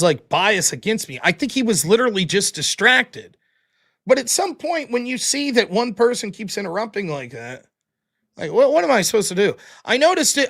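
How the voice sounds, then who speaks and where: Male streamer, high and animated, reading donations with blunt asides. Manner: quick, offhand thanks and blunt replies with swearing. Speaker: livestream host. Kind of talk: casual chat reading viewer donations.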